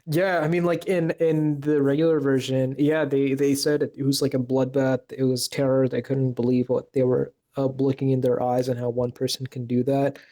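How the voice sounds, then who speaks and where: A man co-hosting a casual podcast chat, his voice warm and mellow. He talks hesitantly, circling back with fillers and restarts as he works through his point. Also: medium pitch, flat delivery, normal speed, few pauses. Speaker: podcast co-host.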